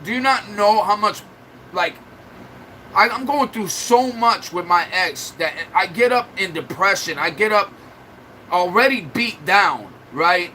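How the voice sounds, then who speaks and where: High bright-voiced man ranting on a livestream. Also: lively intonation, unhurried, a little hiss or hum, poor audio. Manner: upset, venting rant to viewers; rambling, restarts and fillers. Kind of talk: casual livestream chat.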